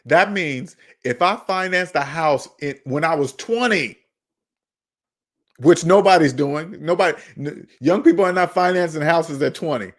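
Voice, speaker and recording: A man's voice: fairly high pitch, unhurried. A man hosting a personal finance channel, talking in an emphatic, preachy way, repeating his points and scolding viewers. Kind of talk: emphatic monologue.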